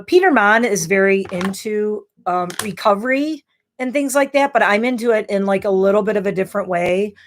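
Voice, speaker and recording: A woman in her thirties chatting candidly and rambling on a beauty livestream, a bit tipsy from wine. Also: medium pitch. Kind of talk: casual livestream chat.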